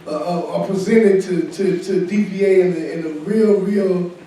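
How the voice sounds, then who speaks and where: A man's voice: high-pitched, fairly even intonation, normal speed, mellow. A man who is a pastor, giving candid, informal remarks on a panel at a summit. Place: conference room at a summit. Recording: echoey hall, from far off.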